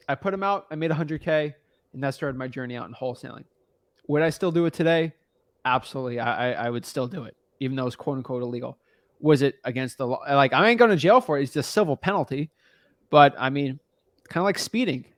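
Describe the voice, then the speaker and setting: A young man from the United States giving casual, slangy coaching advice on a call, thinking out loud as he looks things up. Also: fairly high pitch, dry recording. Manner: laid-back, slangy, talks through what he looks up. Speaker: real estate wholesaling coach.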